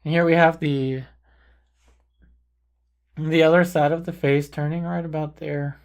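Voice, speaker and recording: A man calmly talking through a portrait painting tutorial, thinking aloud as he paints. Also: fairly high pitch, clear, resonant tone. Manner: calm, unhurried, thinking aloud while painting. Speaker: painting instructor. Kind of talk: relaxed painting tutorial narration.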